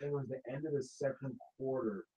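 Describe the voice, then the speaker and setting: A man's voice: mid-range voice, steady tone, brisk, dark tone, husky, no echo, poor audio. A man co-hosting a casual live stream, chiming in offhand with short reactions and stories.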